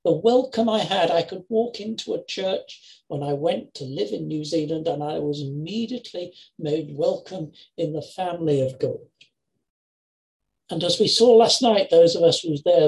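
An older man preaching an earnest sermon over a video call, with measured phrasing and emphatic repetitions. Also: on the high side, rough recording. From England, Lincoln. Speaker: lay preacher.

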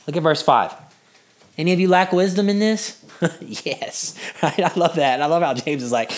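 Guy preaching a sermon, pitch all over the place, laughs a lot, gets worked up. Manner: animated, laughs often, rises in pitch when stirred. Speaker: pastor.

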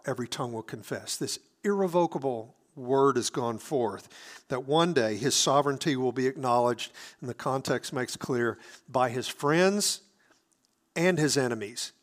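A man's voice: medium pitch, animated, moderate pace. A man preaching a sermon, explaining scripture earnestly, often restarting his phrases.

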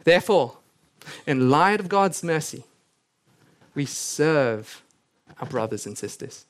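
A man's voice: a little high, takes it slowly. A male pastor preaching a sermon, earnest, with joking asides and scripture read aloud. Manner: lively, joking asides between earnest points; reads scripture aloud with rising intensity.

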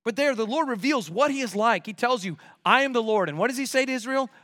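High-voiced man preaching a sermon. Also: animated, quick pace, a bit bright. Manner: emphatic, with rhetorical questions. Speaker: pastor. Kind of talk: expository sermon.

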